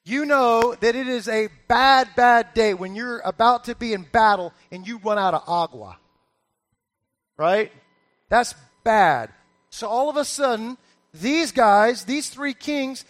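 A man preaching a sermon, animated and acting out the figures in the story with sudden loud bursts. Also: high-pitched. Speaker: pastor.

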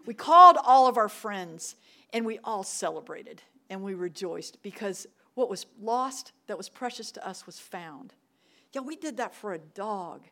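A woman's voice: medium pitch, lively intonation, a little slow. A middle-aged woman, giving a sermon as a church ministry director, telling stories and repeating her key points for emphasis. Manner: warm storytelling with emphatic repetition.

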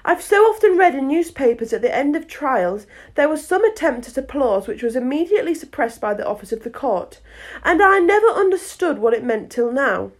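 A woman voicing a curious, thoughtful young girl, musing brightly to herself. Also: high voice, sing-song, fairly quick, pitched above the performer's own voice.

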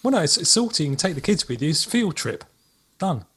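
A man co-hosting a casual podcast chat, speaking in a measured way with hesitant restarts. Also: a little high, very animated, fairly bright tone, breathy edge. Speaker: podcast co-host. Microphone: headphones on a remote call.

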